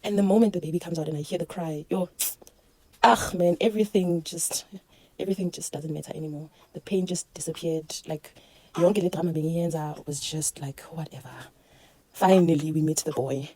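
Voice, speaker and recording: A woman with a South African accent telling a casual storytime, animated and mixing Zulu into her English. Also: low-pitched, a little fast, no echo. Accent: South African, Zulu-mixed English. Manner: animated, code-switching, laughing through a birth story. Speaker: vlogger.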